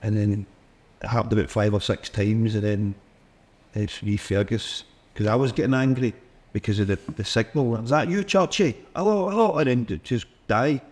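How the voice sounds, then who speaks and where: A Scottish man with a lowish voice, guest on a casual sports chat. He tells rambling anecdotes in a loose, chatty way. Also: level tone, moderate pace, a little mellow. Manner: chatty anecdotes with laughs and mimicry. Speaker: former footballer guest. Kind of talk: casual storytelling interview.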